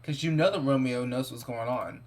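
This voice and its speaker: A man's voice: mid-range voice, brisk. A man giving casual, playful let's-play commentary, gossiping about his characters and improvising their lines. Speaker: gameplay commentator.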